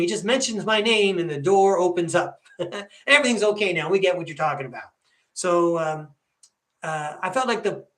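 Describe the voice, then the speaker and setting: A man in his fifties hosting a podcast, telling rambling, animated stories in a casual monologue. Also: high voice, roomy sound. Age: 50s. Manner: chatty, rambling, animated storyteller. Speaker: podcast host.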